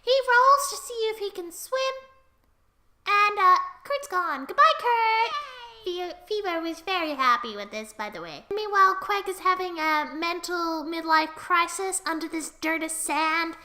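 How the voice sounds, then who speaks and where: High-pitched young storyteller. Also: a little slow, sharp tone. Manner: rambling, giggly narration. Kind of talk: recapping a tabletop game.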